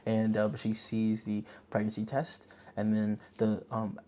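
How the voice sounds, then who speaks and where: A podcast host chatting casually about a movie, slangy and rambling, telling the story in an animated way. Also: medium pitch, measured pace. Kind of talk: casual movie review chat.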